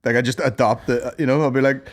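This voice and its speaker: A man's voice: mid-range voice, fairly even intonation, fast, slight background noise. A man with a Northern Irish accent co-hosting a podcast, joking crudely and slipping into mock voices. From Northern Ireland. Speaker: podcast co-host. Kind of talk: casual banter.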